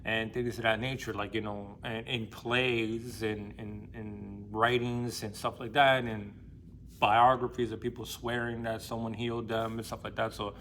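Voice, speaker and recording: A man retells a classic novel in loose, rambling, casual talk full of fillers and slang. His voice sits at a middle pitch, with a faint hiss of background noise behind it. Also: fairly bright tone. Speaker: book discussion host.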